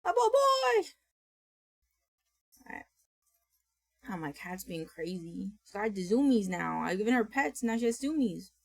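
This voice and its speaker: A woman's voice: mid-range voice, animated, normal speed, vocal fry, husky. A woman streamer in a casual live-stream chat, bubbly and chatty, greeting viewers by name.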